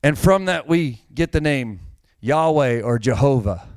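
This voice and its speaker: Conversational man preaching, smooth clear voice. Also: mid-range voice, expressive, unhurried, darkish tone, no echo. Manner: conversational, direct address to congregation. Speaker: pastor. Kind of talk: sermon.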